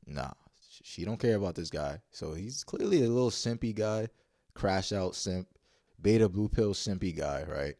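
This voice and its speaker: A man's voice: on the low side, expressive, fairly quick, darkish tone, no room sound, clean studio sound. A man casually telling a story-time tale in blunt, profane slang, rambling and restarting as he goes. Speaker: vlogger.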